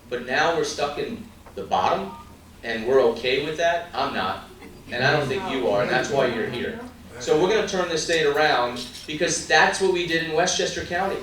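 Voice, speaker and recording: A man's voice: a little high, a bit bright, slight background noise. A man giving an emphatic campaign stump speech at a party meet-and-greet, firing rhetorical questions and asides at the crowd. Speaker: political candidate. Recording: very echoey room from far off.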